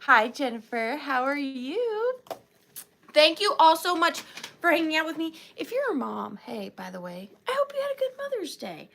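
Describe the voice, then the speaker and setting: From a chair in a room at home, a young, sleepy Southern-accented woman chats with livestream viewers during a vintage sale, cooing at her pet rabbit in sing-song baby talk. Her high voice is creaky and bright, with a forceful tone.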